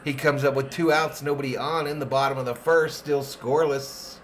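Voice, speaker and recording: A man's voice: mid-range voice, fairly quick, slight background noise. A man hosting a fan watch party, calling the plays and joking with his chat. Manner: animated, jokey, reads chat names aloud. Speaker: fan host doing play-by-play. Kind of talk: live game call and chat reading.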